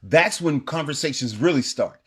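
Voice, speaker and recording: A language teacher delivering a scripted video lesson in an encouraging, coaching manner, switching between English and Spanish phrases and repeating example sentences slowly for learners. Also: medium pitch, lively intonation, slightly rough.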